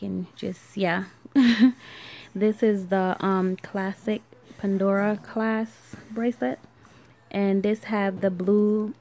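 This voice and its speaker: A woman in her thirties with a Caribbean island accent, rambling casually through a show-and-tell vlog with fillers and soft laughs. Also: mid-range voice. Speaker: vlogger.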